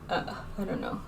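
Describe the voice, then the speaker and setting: A woman's voice: on the low side, a little hiss or hum. Rambling, candid young woman vlogging. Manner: rambling and candid, with many fillers. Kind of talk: casual makeup vlog chat.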